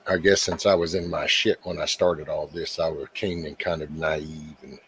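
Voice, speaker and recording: A middle-aged man hosting a livestream, rambling casually to his viewers with frequent swearing and halting restarts. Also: a bass voice, fairly even intonation, a bit bright, slight background noise. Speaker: livestream host.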